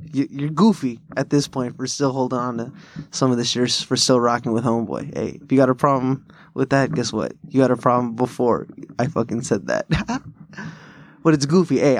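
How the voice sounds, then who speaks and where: Profane bro podcaster. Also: male voice, mid-range voice, no echo, studio quality. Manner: profane, rambling bro-style storytelling with frequent laughs. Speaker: podcast host. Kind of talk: casual chat.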